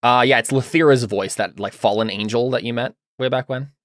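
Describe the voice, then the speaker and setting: A man's voice: mid-range voice, brisk, no echo, studio quality. A man narrating as game master in a tabletop game, laughing often.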